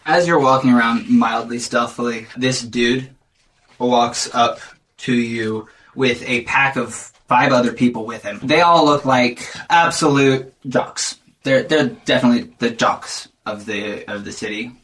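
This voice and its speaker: A man's voice: mid-range voice, a little slow, fairly bright tone. A man narrating a tabletop game as game master, casual and rambling.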